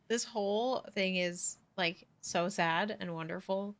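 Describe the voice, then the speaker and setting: A woman co-hosting a book discussion podcast with an eager, enthusiastic manner. Her voice sits at a middle pitch for a woman. She reads novel passages aloud between casual remarks. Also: takes it slowly. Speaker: podcast co-host. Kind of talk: book club chat with read-aloud passages.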